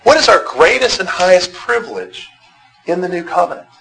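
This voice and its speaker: A man's voice: high voice, big pitch swings, a little fast, a bit bright, soft background music, low-quality recording. A man teaching a Bible class, talking conversationally, asking the group questions and often repeating words as he restarts. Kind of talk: interactive church class lecture.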